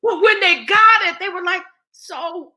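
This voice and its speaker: A woman's voice: very high voice, moderate pace, bright, forceful tone. A woman speaking as a guest and ritual teacher, blunt and profane, preaching with rhetorical questions. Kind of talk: impassioned spoken address.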